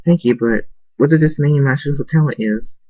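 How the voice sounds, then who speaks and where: A man voicing a sweet, shy young male pony who breaks into excited squeals. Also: medium pitch, normal speed, no echo, dull audio, voice pushed up, lightly acted.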